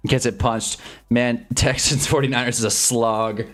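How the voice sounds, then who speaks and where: A man streaming live sports commentary who swings between loud yelps and low mutters and chats with his viewers' comments. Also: steady tone, a little slow, faint music behind. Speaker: streamer hosting a live game watch-along.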